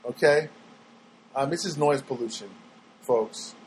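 A man's voice: medium pitch, a little slow, a little hiss or hum, poor audio. A man telling an everyday story as a sarcastic, exasperated rant, rambling with restarts. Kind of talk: storytelling monologue.

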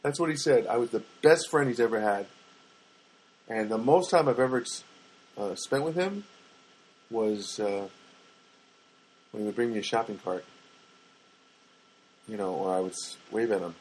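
An older man talks through a casual solo podcast in a husky voice. He tells everyday anecdotes in a rambling way and often stops to correct himself. He adds wry asides as he goes. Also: fairly low pitch, expressive, normal speed, pauses often, darkish tone. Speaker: podcast host.

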